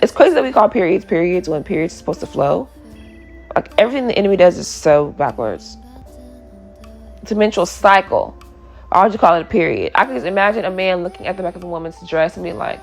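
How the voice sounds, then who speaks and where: A woman's voice: on the low side, animated, quick pace, gravelly, a little mellow, faint music behind. A woman in her twenties hosting a solo podcast, chatty and playful, riffing and laughing as she talks. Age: 20s. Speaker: podcast host. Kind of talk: casual solo podcast chat.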